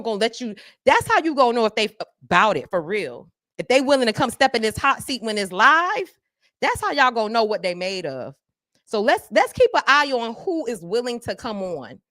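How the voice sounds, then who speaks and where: A woman, hosting a live stream and talking straight to her viewers. She swings between fervent, preacher-like calls and low, confiding asides. The sound is dry and close to the mic. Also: no room sound. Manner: animated, preacher-like call and response. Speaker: podcast host.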